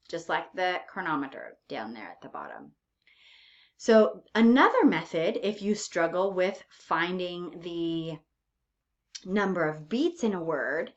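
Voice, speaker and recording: Slow patient woman teaching pronunciation. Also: lowish voice, lo-fi sound. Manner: patient, tags points with "okay?" and "right?". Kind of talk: English pronunciation lesson.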